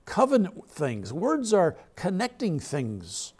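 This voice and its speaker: Lively gravelly-voiced man preaching. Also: sits high, a little slow, few pauses. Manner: conversational preaching with laughs and rhetorical questions. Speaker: pastor. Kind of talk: sermon.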